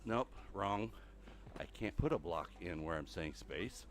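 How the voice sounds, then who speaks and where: Low-pitched and animated at a measured pace, an older man talks to his viewers during a casual Minecraft livestream. He's walking on a treadmill, so he sounds out of breath while rambling and thinking aloud.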